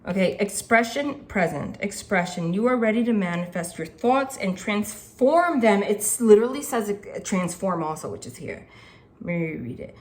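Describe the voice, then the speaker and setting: A woman's voice: mid-range voice, big pitch swings, normal speed. A woman reading tarot cards to her viewers in an earnest, chatty way, repeating the card meanings and often saying "like" and "okay". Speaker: tarot reader. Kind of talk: casual spiritual reading.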